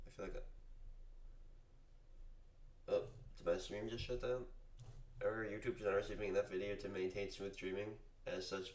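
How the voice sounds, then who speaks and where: A young man from Massachusetts chatting casually on a live trading stream, rambling and joking at his own expense. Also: sits low. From Massachusetts, USA. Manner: rambling, self-deprecating, joking.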